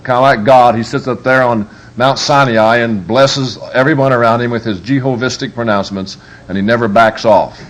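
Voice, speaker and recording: A mid-range male voice at a moderate pace carries a comic live parenting workshop, the speaker cast as a preacher. He narrates with lively, emphatic humor.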